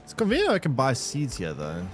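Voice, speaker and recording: A man streaming a game live, reacting out loud and talking to his chat. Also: medium pitch, fairly quick. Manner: animated, exclaims and talks to chat. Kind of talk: live gameplay commentary. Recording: faint game music behind.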